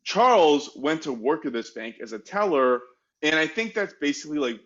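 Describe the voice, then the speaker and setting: A man's voice: fairly high pitch, sing-song, normal speed, fairly bright tone, dull audio. A man co-hosting a podcast, telling a history story in a casual, chatty way, full of "like" fillers and self-mocking asides. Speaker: podcast co-host.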